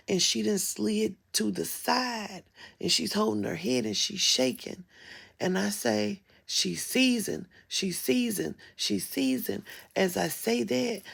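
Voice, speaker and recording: Woman vlogger, casual live-stream storyteller, emphatic and profane, heavy vocal fry, husky. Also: mid-range voice. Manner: emphatic and profane, drops to a whisper at times. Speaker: spiritual vlogger.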